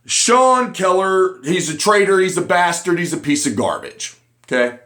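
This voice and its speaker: A man delivering a ranting online commentary, angry and profane, often breaking into shouts. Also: high-pitched, animated, normal speed, echoey room.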